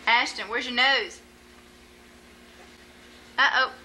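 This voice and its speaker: A woman's voice: fairly high pitch, slow, pushed and bright, slight background noise, poor audio. A woman, a mother, using coaxing sing-song baby talk with her toddler.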